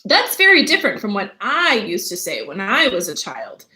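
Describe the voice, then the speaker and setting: Brisk impatient storybook gryphon, read by a woman with a lively bright voice. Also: mid-range voice. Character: fussy bossy male gryphon creature.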